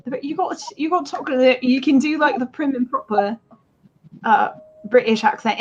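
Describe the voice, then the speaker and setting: A woman's voice: sits high, moderate pace. A woman chatting on a live auction stream, rambling off on tangents and laughing often. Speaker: guest seller. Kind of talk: casual live-stream chat. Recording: dull lo-fi audio.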